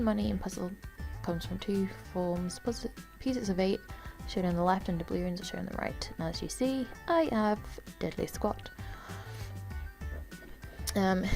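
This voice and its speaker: A tired woman giving casual, rambling commentary while walking through a game, often unsure and filling pauses. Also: medium pitch, creaky, darkish tone. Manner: rambling, unsure, lots of fillers. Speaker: gamer.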